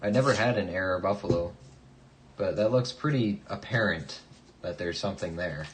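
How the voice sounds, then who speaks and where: Low-voiced man casually chatting on stream. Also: normal speed, slight background noise, rough recording. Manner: mutters coin dates softly, chatty asides to viewers. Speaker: coin collecting livestream host. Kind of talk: casual live chat.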